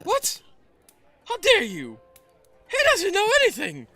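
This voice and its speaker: A shrill, furious innkeeper's wife cuts in with scolding cries, put on by a man. The voice sits high and leaps about with sharp edges. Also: very animated, takes it slowly, soft background music, full character voice. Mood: outraged. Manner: screeching, scolding.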